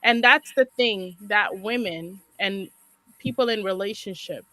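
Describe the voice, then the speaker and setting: A woman's voice: mid-range voice, measured pace, sharp tone, low-quality recording. A woman guest on a talk show giving relationship advice, stressing and repeating her key points. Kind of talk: casual chat.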